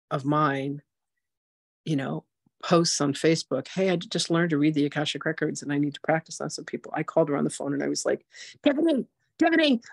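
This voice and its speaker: A woman's voice: deep voice, no echo, clean studio sound. Chatty woman in her sixties, storytelling. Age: 60s. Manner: chatty, animated, frequent "like" and "you know". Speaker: spiritual teacher hosting a masterclass. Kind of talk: casual personal storytelling.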